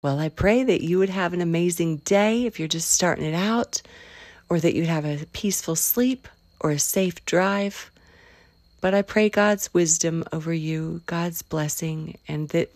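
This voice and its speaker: A middle-aged woman, her voice sitting on the low side. She talks in a devotional podcast style, prayerful and warm, then breaks into excited exclamations. Her throat sounds a little rough. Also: normal speed, dry recording. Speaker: podcast host.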